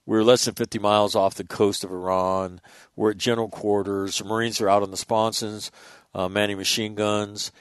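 A man in his sixties, a former military officer, telling profane, animated stories in casual conversation. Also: on the low side, normal speed, clear, resonant tone, no room sound, studio quality. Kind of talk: casual storytelling.

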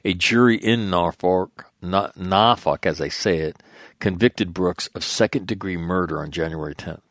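A man's voice: low voice, no room sound, studio quality. A man hosting a radio talk show, reading out news items and adding blunt, profane, rambling commentary full of restarts. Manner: rambling asides with restarts and repeated phrases. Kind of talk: news rundown with off-the-cuff commentary.

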